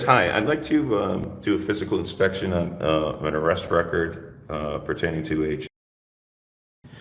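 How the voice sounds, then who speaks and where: A deep-voiced man makes a confrontational records request, stumbling over fillers as he talks. His voice rings with long reverb from a hard lobby. It is picked up by a camera mic in an echoey hall. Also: gravelly. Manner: halting, full of fillers. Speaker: self-styled press auditor. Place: police station lobby.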